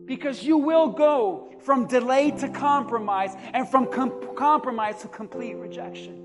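A male pastor preaching a lively sermon, acting out quotes and shouting for emphasis. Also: extremely high pitch, unhurried. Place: church. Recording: long hall reverb with music behind.

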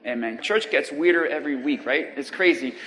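High-voiced guy preaching real slow, church hall with a long echo. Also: pushed and bright. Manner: preaching with call-and-response to the congregation; slow, drawn-out emphatic delivery. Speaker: pastor. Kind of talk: sermon. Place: church sanctuary.

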